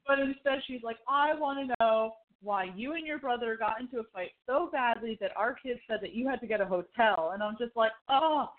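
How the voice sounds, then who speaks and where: A woman co-hosting a casual podcast, retelling scenes from a TV show in an animated, chatty way and acting out the characters' lines. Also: on the high side, fairly quick, hardly any pauses. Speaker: podcast co-host. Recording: phone-like narrow sound.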